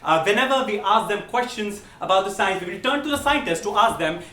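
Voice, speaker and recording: High-voiced man hosting a live game show. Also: lively intonation, fairly quick, bright, forceful tone. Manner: playful, teasing crowd work. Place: stage in front of a live audience. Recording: roomy echo, far from the mic, audience noise.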